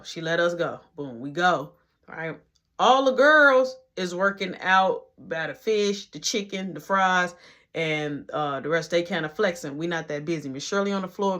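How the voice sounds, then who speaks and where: An animated young man spins a casual storytime yarn in loose slang, jumping into the voices of everyone in it. His delivery is lively and conversational throughout. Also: sits high. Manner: animated, slangy, acts out quotes. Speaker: vlogger telling a story.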